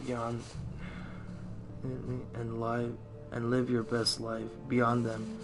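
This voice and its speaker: A man's voice: medium pitch, creaky. A man livestreaming and chatting casually with viewers, rambling with many fillers and casual swearing. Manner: rambling, filler-heavy, lots of "like" and "you know". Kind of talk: casual chat with stream viewers.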